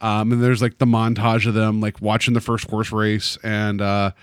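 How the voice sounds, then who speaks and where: A man's voice: on the low side, little pitch movement, moderate pace, clear, resonant tone, no echo, clean studio sound. Rambling man in casual chat. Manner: rambling, heavy use of "like" and "um". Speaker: podcast co-host.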